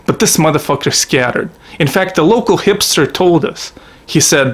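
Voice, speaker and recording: Vlogger from Russia, slightly high voice, swears freely, rambling personal storytelling. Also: male voice, normal speed. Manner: profane, blunt, digressive. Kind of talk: casual storytelling monologue.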